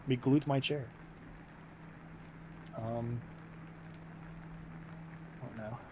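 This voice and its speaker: A man's voice: medium pitch, steady tone, drawn-out words. A young American man chatting casually on stream in a mid-range voice, rambling and restarting his sentences with lots of fillers. A faint noise sits under his voice. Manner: rambling, filler-heavy, self-interrupting.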